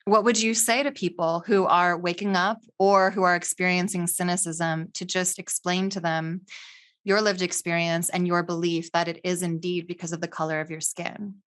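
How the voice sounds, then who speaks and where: A woman's voice: fairly low pitch, little pitch movement, moderate pace, fairly bright tone. A woman hosting an interview, asking questions in an impassioned, indignant way. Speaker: podcast host. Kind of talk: interview conversation.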